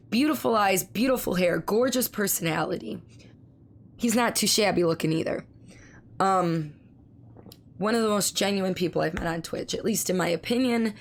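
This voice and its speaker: Hoarse, gravelly woman streamer. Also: mid-range voice. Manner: speaks slowly and carefully to spare her voice; reads viewer messages aloud and answers them. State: hoarse from laryngitis. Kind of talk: casual live-stream chat.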